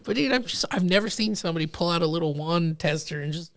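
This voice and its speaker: A young man hosting a casual podcast, telling lively stories and acting out the people in them. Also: fairly high pitch, fast, creaky. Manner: animated storyteller acting out quoted people. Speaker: podcast host.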